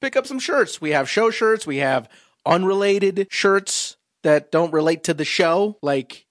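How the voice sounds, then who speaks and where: A man co-hosting a casual podcast, joking around and laughing often between quick asides. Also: high voice, animated, a bit bright, dry recording, studio quality. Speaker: podcast co-host. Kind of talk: casual chat.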